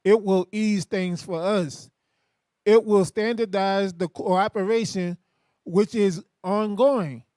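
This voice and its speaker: Male reader, high voice, slow deliberate pace, halting now and then. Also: steady tone, warm tone, no room sound, clean studio sound. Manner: measured reading with halting restarts. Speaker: article reader. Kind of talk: reading news articles aloud.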